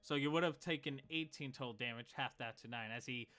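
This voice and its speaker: A man's voice: mid-range voice, fairly quick, pushed and bright, faint music behind. A man narrating as game master of a tabletop game, in a casual way with fillers.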